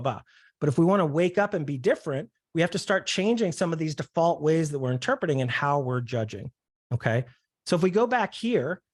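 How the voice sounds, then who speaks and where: Man, slightly higher voice, relaxed guest speaker, chatty and conversational, keeps asking "right?". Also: no echo, clean studio sound. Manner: casual, uses "right?" and "like" often, acts out quoted voices. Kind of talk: conversational talk.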